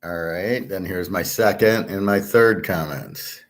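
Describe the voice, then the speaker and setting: A man's voice: low-pitched, measured pace. A man hosting his own channel, ranting bluntly and angrily with lots of swearing. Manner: angry, profane, blunt. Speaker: host of a sports betting and finance channel. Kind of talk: ranting monologue to camera.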